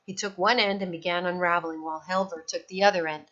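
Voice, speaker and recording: A woman reading a children's novel aloud in an expressive storytelling voice, in a slightly dull recording. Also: lowish voice, fast.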